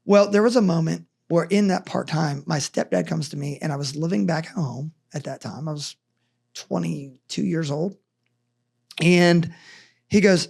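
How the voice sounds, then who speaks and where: A man's voice: fairly high pitch, normal speed, creaky, darkish tone, husky. A middle-aged man, a justice of the peace, telling his life story on a podcast in an earnest, preachy way. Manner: earnest, preachy, urgent encouragement. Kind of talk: casual storytelling in a podcast interview.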